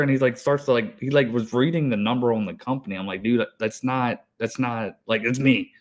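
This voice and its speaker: A man's voice: mid-range voice, steady tone, a little fast, few pauses. Hyper, breathless man telling stories. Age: 30s. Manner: hyper, rambling storytelling with heavy swearing. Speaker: podcast co-host, HVAC technician. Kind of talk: casual chat.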